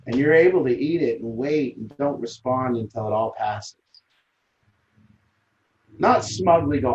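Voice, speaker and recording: A man leads a recovery support group in an earnest, emphatic way, circling back to repeat his key phrases. His voice sits at an ordinary middle pitch. The recording is dull and lo-fi. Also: moderate pace, darkish tone, a little hiss or hum. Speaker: group leader.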